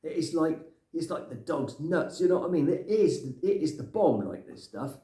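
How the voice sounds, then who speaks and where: A man's voice: a little high, expressive, moderate pace, dark tone, lightly acted. A man playing a grumpy older Englishman who rambles and rants in a comic monologue, tagging his lines with "right?". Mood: musing. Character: grumpy older Englishman ranting about clutter. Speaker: comic character. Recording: echoey room.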